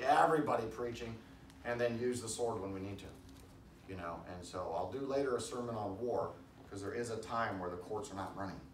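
A man preaching a casual sermon in a church, rambling with restarts and loud emphatic bursts. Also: mid-range voice. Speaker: pastor. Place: church hall. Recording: echoey room, distant mic, faint background noise.

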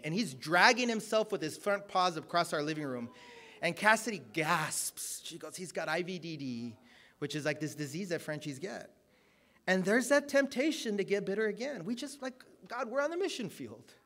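A man preaching a sermon, telling a personal story, loud and emphatic at times, then dropping to low, quiet asides. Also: expressive, moderate pace.

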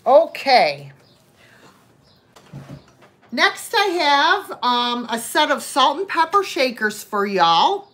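An online vintage seller runs a live-stream sale, chatting away and greeting viewers by name between items. She speaks very slowly in a high voice that swoops around with big pitch swings, and her tone is bright and forceful.

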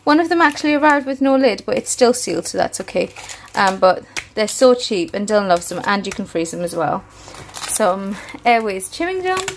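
A British-accented woman, a family vlogger, chats casually, listing items one by one while slightly out of breath. Her medium-pitched voice swings widely in pitch at a normal speed, with slight background noise.

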